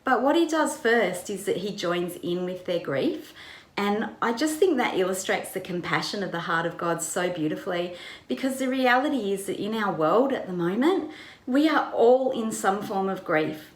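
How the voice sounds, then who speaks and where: A woman's voice: medium pitch, lively intonation, moderate pace, echoey room. A woman pastor retelling a Bible story in a conversational way, with vivid narration. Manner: vivid retelling, acts out quoted lines.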